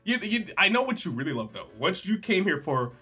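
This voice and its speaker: A man's voice: high voice, very animated, a little fast, pushed and bright, breathy edge, faint music behind. A young man streaming, chatting casually, joking and reading chat aloud while editing art.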